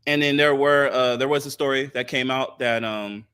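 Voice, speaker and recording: A man co-hosting a podcast, giving thoughtful casual sports talk with many filler pauses. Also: mid-range voice, fairly even intonation, bright, forceful tone, clean tone. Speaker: podcast co-host.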